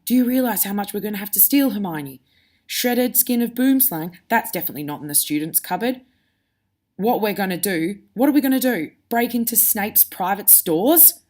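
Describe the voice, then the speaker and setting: A woman's voice: mid-range voice, lively intonation, moderate pace, a little mellow, close to an everyday voice. A woman reading aloud as a worried teenage schoolboy wizard.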